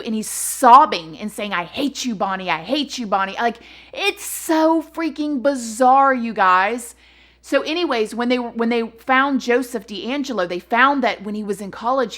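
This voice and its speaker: A woman hosting a casual true-crime video, chatty and excitable, often turning to address her viewers. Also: a little high. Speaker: host.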